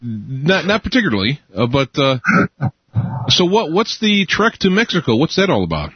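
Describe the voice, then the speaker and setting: A man's voice: fairly high pitch, big pitch swings, moderate pace, husky, no room sound, lo-fi sound. A man hosting a talk radio show, talking casually with many fillers and restarts.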